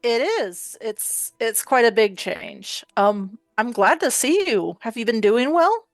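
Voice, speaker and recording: A woman's voice: fairly high pitch, animated, slow, dry recording, soft background music. A woman voicing a courteous, reserved woman adventurer in a tabletop game, close to her own voice. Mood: polite.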